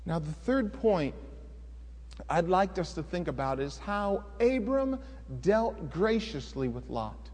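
A man's voice: sits high, very animated, slow pace, darkish tone, long reverb tail. A middle-aged man, a pastor, preaching a sermon and telling a personal story in a folksy, conversational way with sudden emphatic rises.

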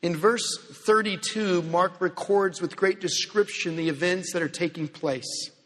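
A man preaching with a high, husky voice. He moves between ringing emphasis and hushed, drawn-out lines. His words trail off into a long hall reverb. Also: fairly even intonation. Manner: earnest, dramatic shifts between loud emphasis and hushed slow phrases. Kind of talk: sermon.

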